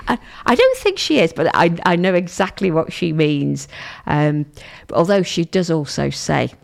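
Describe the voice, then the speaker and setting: Lady radio host, gravelly voice, bouncy up and down pitch, rambly chat that keeps restarting. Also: big pitch swings, normal speed. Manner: chatty, rambling, repeats herself and restarts often. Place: radio studio.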